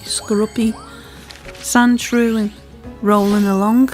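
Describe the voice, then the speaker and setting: A woman's voice: a little high, flat delivery, slow pace, darkish tone, soft background music. A woman with a part Scouse, part Welsh accent, casually commentating a game she is playing, chatty and self-deprecating. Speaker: gaming channel host. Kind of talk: casual let's-play commentary.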